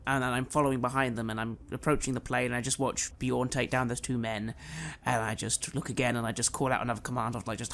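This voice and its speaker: A man in a slow, menacing whispered role-play monologue, speaking as a player in a tabletop horror game. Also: medium pitch, fairly even intonation, a bit bright.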